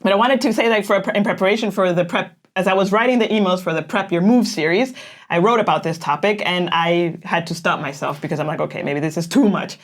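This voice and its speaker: A woman's voice: mid-range voice, fast talker. A woman co-hosting a casual chat, talking freely with frequent laughs and fillers. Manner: chatty, laughs often, says "like" a lot. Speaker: co-host.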